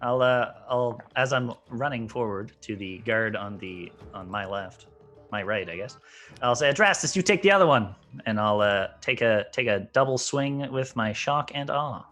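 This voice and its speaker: A man playing a tabletop game, chatting casually and excitedly about his dice rolls. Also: fairly low pitch, a little slow, faint music behind. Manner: excitable, laughing dice-roll banter. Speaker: player.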